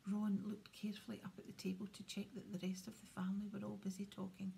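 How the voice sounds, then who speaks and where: A woman reads a fantasy novel in an unbroken hushed whisper, calm and steady. Her tone is dark and mellow, with a faint gravelly grain. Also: medium pitch, fast, a little hiss or hum. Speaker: audiobook reader. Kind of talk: whispered audiobook narration.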